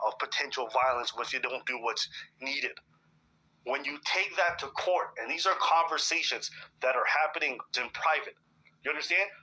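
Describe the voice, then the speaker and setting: Bright, emphatic man hosting a talk show. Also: on the high side, slight background noise, poor audio. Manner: emphatic, blunt, swears freely. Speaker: podcast host. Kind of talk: reaction commentary.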